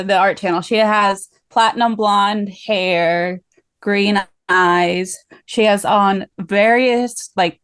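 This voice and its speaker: A woman's voice: mid-range voice, clear, resonant tone, no echo. A woman player describing her character in a tabletop game, hesitant, with many "like"s, and losing her voice. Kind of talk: casual tabletop game chat.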